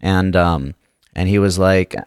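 A man, a guest comedian, telling a long personal story on a podcast in a casual, halting way with many restarts. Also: deep voice, clear, resonant tone, no room sound, clean studio sound.

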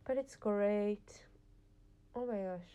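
A woman's voice: medium pitch, slow pace, dark tone, clear, resonant tone. Chatty teen girl podcaster. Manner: rambling, chatty, lots of "like" fillers. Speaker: podcast host. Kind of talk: casual solo podcast chat. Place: home, late at night.

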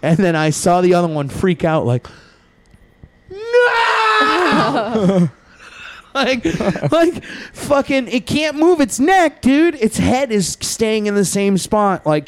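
A man's voice: sits high, expressive, a little slow, darkish tone, clear, resonant tone, dry recording. A man guest on a podcast, telling a long story in a profane, rambling way and laughing as he goes.

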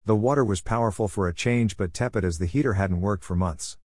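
A man reading a scripted story aloud in a measured, even way. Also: on the low side, dry recording, clean studio sound.

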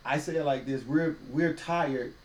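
Unhurried and a little high in pitch, a man co-hosts a casual faith-based podcast, talking in a folksy, preachy way with quoted voices. The recording has roomy echo, a distant mic, and faint ambience.

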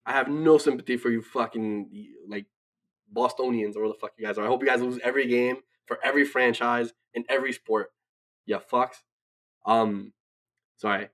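A man's voice: medium pitch, fairly even intonation, normal speed, a bit bright. A man co-hosting a sports podcast in casual chat, ranting brashly with lots of swearing and frequent "right?" asides. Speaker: podcast co-host. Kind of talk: profane casual sports talk.

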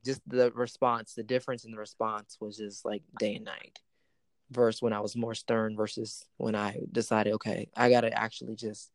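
A man's voice: lowish voice, a little mellow, dry recording. A man hosting a casual chat, telling a personal story with plenty of quoted dialogue.

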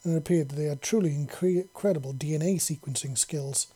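A man narrates a serialized story in a casual, chatty tone. His voice sits slightly high and sounds husky. It has a mellow, dark color. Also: brisk. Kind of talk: story reading.

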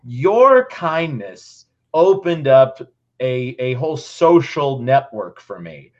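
A young man who teaches, hosting a casual podcast and telling a story with animated, playful reenactments of his own thoughts. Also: medium pitch, takes it slowly. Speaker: podcast host. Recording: slightly dull lo-fi sound.

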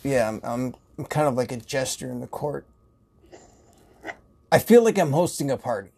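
A man's voice: medium pitch, expressive, moderate pace, vocal fry, mellow, breathy edge. A man who works in a grocery store, telling casual stories in a rambling way, swearing and laughing often. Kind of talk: casual storytelling.

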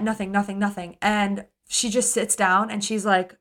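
Woman co-host, bright forceful voice, animated casual storyteller. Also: mid-range voice, a little fast, hardly any pauses. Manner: animated retelling, acts out characters, gets emotional. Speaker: podcast co-host. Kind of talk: casual book discussion.

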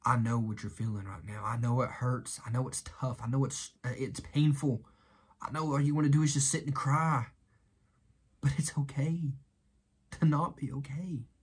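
A man quietly puts on a tender, consoling Jesus, speaking low and soft with a husky edge. He piles up gentle reassurances one after another, always hushed. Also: steady tone, moderate pace.

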